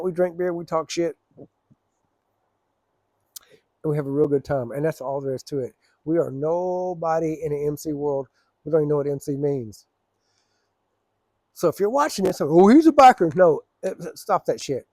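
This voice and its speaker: A man's voice: a little high, dark tone, no room sound, studio quality. Rambling man telling stories. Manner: rambling, profane, laid-back. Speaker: storyteller. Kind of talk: casual storytelling.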